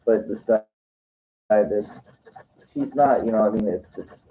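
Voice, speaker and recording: Slow and unhurried, this weekend vlogger has a lowish, dark-toned voice as he wanders through a casual monologue. Frequent restarts and plenty of "you know" and "like" fill his talk, captured on a dull lo-fi recording.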